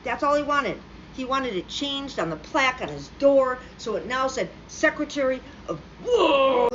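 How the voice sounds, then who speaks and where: A woman's voice: high voice, animated, moderate pace, fairly bright tone. A woman delivering a profane, sarcastic political rant straight to the camera. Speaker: political commentator. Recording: slightly dull lo-fi recording with faint background hum.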